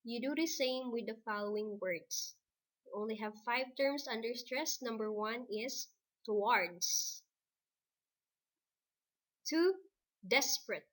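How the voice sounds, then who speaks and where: A female teacher with a Filipino English accent delivers a recorded lesson, speaking slowly and deliberately as she dictates and spells things out one at a time. Her voice sits a little high with a fairly bright tone.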